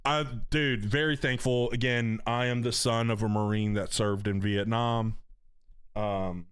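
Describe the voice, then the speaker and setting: His low, steady, clear and resonant voice comes through at a measured pace in studio-quality audio with no echo. He's a middle-aged North Carolinian joking with viewers on a gaming stream, slangy, chatty and reading chat aloud.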